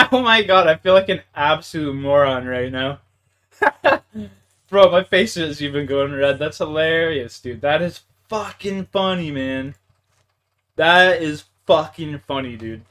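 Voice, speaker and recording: A young man from Canada chats casually with his viewers while he plays a game, his voice lively and jumping around in pitch. He talks at a slow, unhurried pace, swears a lot and laughs at his own mistakes. Between remarks he mutters quietly to himself as he plays. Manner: laughs a lot, swears, self-mocking, calls viewers bro and dude. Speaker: streamer. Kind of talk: casual live-stream chat while gaming.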